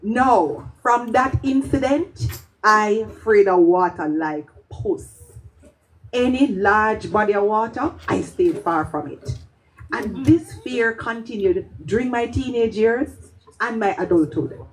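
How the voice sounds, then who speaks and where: A woman's voice: on the high side, lively intonation, measured pace, poor audio. A Jamaican woman performing a spoken-word piece, telling her story with animation and slipping into patois. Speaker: poet.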